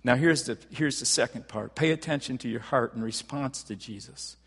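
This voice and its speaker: A man's voice: medium pitch, normal speed, slightly rough. Man preaching in a reverberant hall. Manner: conversational preaching with frequent restarts, rising to animated emphasis. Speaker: pastor. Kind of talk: sermon.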